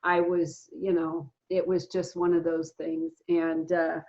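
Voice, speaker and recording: A woman in her fifties telling her own recovery story in a casual, earnest way, often pausing with fillers and restarting her sentences. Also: low voice, completely flat delivery, dark tone. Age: 50s. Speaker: guest sharing a recovery story. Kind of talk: casual spoken testimony. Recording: dull lo-fi sound.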